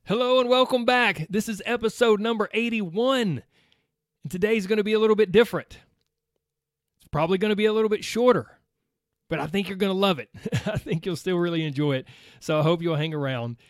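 A man's voice: sits high, fairly quick, no room sound, clean studio sound. Chatty upbeat man hosting a podcast. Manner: chatty, animated, laughs often. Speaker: podcast host. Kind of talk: casual solo podcast talk.

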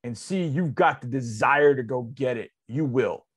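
A man in his forties, a sports radio host, telling a story on air in a loose, excitable, conversational way. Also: normal speed, slightly rough. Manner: animated, excitable storyteller with big swings in loudness and pitch; conversational, drops into loose asides.

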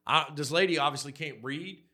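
A podcast co-host with a slightly high voice talks briskly through foul-mouthed stories about work. He voices the people he quotes loudly, in a crude, casual conversation.

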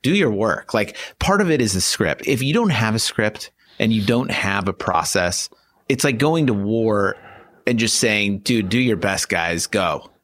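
A man's voice: on the low side, animated, a little slow, a bit bright, no room sound. A man co-hosting a casual podcast, giving emphatic advice and saying "dude" often. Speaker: podcast co-host. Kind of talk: casual chat.

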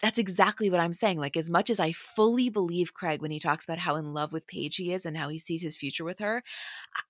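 A woman co-hosting a chatty podcast, picking apart what she saw with lots of "like" and "you know". Her voice sits slightly low for a woman. The sound is close and dry, with no room around it. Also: fairly quick, no room sound. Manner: analytical, thinks aloud with many fillers. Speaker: podcast co-host. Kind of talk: casual chat recapping a reality show.

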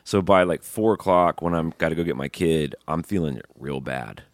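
A man's voice: rumbling low, normal speed, no room sound. A man in his forties chatting casually on a podcast, joking loosely and swearing. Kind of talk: casual chat.

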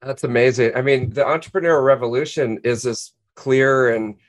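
A man's voice: mid-range voice, steady tone, moderate pace. Enthusiastic male podcast host. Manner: effusive, enthusiastic praise. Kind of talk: podcast interview.

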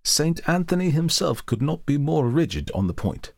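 A bookish young scholar in a storybook reading, as a man reads him, courtly and wordy, pitched a little above the reader's own low voice. He speaks with formal politeness. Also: sing-song, normal speed, vocal fry, no room sound, studio quality, full character voice.

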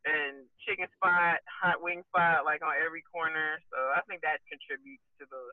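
A man's voice: a little high, steady tone, moderate pace, dry recording. A man joining a casual podcast chat remotely, easygoing and laid-back. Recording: tinny phone-like remote call.

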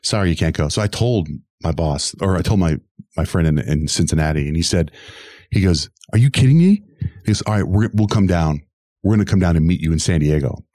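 A middle-aged man who works as a radio host tells his story in an interview. His voice sits very low and he talks at a quick clip, switching into the voices of the people he quotes. The sound is dry and close. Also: no room sound. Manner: animated, acts out quoted voices.

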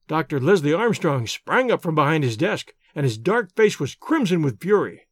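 A man narrates an audiobook with an expressive, animated storytelling delivery. His voice sits fairly high and the recording is dry and close. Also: moderate pace, hardly any pauses, no room sound. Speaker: audiobook reader. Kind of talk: scripted narration.

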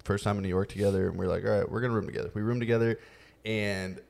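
A man hosting a podcast, telling a story in a relaxed, casual way with many fillers. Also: lowish voice, very fast, creaky. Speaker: podcast host. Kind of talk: casual chat.

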